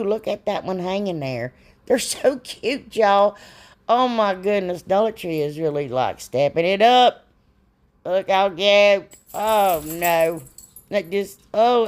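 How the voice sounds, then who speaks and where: A middle-aged woman chats through a DIY craft demo at an unhurried pace. Her talk is folksy and rambling, full of little asides and jokes at her own expense. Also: medium pitch. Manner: folksy, self-deprecating, rambling. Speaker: DIY crafts channel host. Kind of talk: casual craft tutorial chat.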